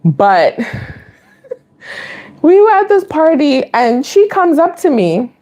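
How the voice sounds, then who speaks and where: A woman in her late thirties hosts a casual live Q&A. Her voice sits high and swings widely as she tells stories to viewers. She is chatty and confiding and often breaks into laughter. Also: slow. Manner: animated, laughs often while telling stories. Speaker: vlogger host.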